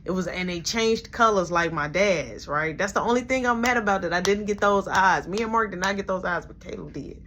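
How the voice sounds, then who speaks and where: A woman's voice: mid-range voice, fairly quick, few pauses, a little hiss or hum. A young woman casually telling a story about her family, acting out everyone's lines as she goes. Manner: animated, acts out each character in quoted voices. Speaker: vlogger.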